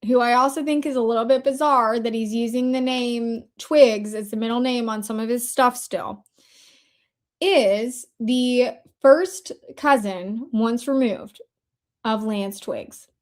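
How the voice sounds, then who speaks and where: Chatty sarcastic woman, fairly high voice. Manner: chatty, sarcastic asides, quick shifts in pace. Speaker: host. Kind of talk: casual commentary over screen shares.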